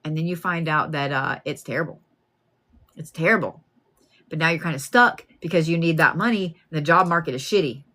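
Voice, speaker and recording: A woman gives a live card reading. She talks plainly and casually, with animated asides, addressing the listener directly. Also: low-pitched, brisk. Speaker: card reader.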